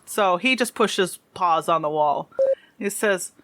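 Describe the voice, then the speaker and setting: A woman running a tabletop game as game master, narrating in a rambling, animated way. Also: on the low side, slow.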